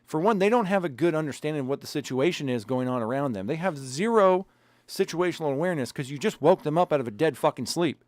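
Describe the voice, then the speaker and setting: A man's voice: on the high side, lively intonation, fast, a little mellow, dry recording. Podcast co-host, male, heated and profane, dry close-miked sound. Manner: profane, angry, emphatic. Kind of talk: heated casual podcast rant.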